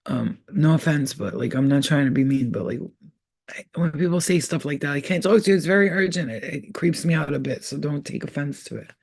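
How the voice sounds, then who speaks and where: A man's voice: on the high side, fairly quick, creaky, darkish tone, dry recording, clean studio sound. A young man in a casual, rambling monologue who talks in a profane, conspiratorial way as a spiritual vlogger.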